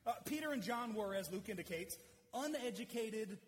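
High-voiced preacher in a reverberant hall. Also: male voice, expressive, moderate pace. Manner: conversational, explanatory. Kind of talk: expository sermon.

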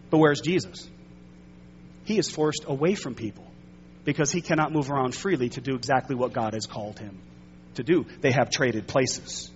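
A man preaching a sermon with emphatic, rising stress, often slowing and pressing on key words. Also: on the high side, lively intonation, highs cut off, a little hiss or hum. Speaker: pastor.

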